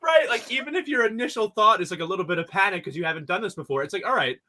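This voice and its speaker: A man's voice: sits high, lively intonation, racing, pushed and bright. A man co-hosting a reality TV podcast, chatty and casual, laughing often and using lots of fillers. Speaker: podcast co-host. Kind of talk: casual chat.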